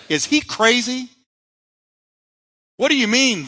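A male pastor delivers a live sermon with a bright, forceful tone. His voice swings widely in pitch and rises in emphatic bursts over repeated refrains. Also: expressive, normal speed, long pauses. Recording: live church sermon audio.

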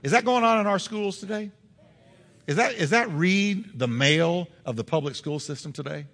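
A man preaching with a rather high voice that leaps and dips through rhetorical questions. His delivery is emphatic, and the sound carries a long reverb like a church sanctuary. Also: lively intonation, moderate pace, fairly bright tone. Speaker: pastor. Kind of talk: sermon.

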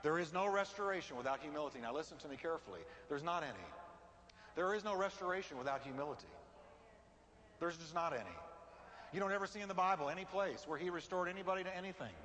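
Male preacher, high and sharp-toned, emphatic repeated cadences; long hall reverb, faint room noise. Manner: emphatic, repeats lines for stress, rising to shouts. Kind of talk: sermon.

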